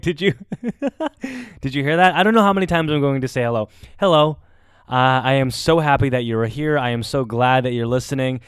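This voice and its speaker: A man hosting a podcast, giving a heartfelt monologue in an emphatic way full of swearing, often rising into loud bursts. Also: a little high, clear, resonant tone, dry recording, studio quality. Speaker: podcast host.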